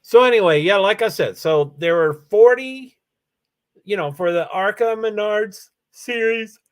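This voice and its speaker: A man's voice: high-pitched, a little slow. A tired man hosting a casual livestream, rambling with many fillers as he reads out names and chats to viewers. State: tired, yawning. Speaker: livestream host.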